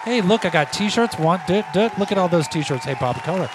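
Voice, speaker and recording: A man's voice: sits high, lively intonation, brisk, crowd noise. A man hosting a rowdy stoner-comedy podcast, talking in a hyped, slangy way full of homie and yo. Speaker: podcast host. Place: studio. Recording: studio show with music and audience noise.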